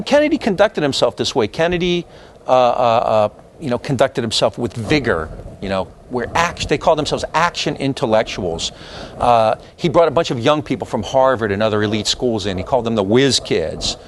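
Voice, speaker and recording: A man giving a university history lecture in an animated, opinionated, conversational way, full of fillers and restarts. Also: mid-range voice, moderate pace, slight background noise. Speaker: history professor. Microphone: lecture hall recording.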